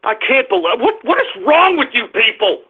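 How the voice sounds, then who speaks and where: A man hosting a radio show, ranting at callers in an exasperated, shouting manner with lots of swearing. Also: very high-pitched, big pitch swings, moderate pace, slightly rough. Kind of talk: ranting call-in radio talk. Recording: lo-fi phone-like audio.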